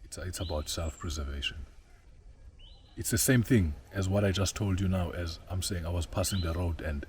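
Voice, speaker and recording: A man outdoors in a forest, telling a personal story in an earnest, halting way, repeating words as he searches for them. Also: deep voice, slight background noise. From South Africa.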